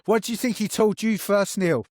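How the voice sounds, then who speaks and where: A man's voice: high voice, moderate pace, a little mellow, no echo, studio quality. A man hosting a podcast interview, laughing along and chipping in short prompts. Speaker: podcast host. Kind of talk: casual interview.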